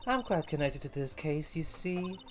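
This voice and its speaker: A man voicing a brash, sharp-tongued woman who sells lunches, in a pushy, sassy manner. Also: on the high side, expressive, moderate pace, faint music behind, voice pushed up, lightly acted.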